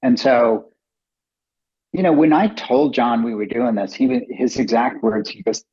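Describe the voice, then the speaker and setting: A middle-aged man with a husky, mid-pitched voice tells stories as an interview guest. He slips into animated voices for the people he quotes. The recording sounds muffled and lo-fi. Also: measured pace. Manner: animated, acts out quoted dialogue in other voices. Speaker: company co-founder and guest. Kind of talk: casual storytelling interview. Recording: dull lo-fi podcast audio.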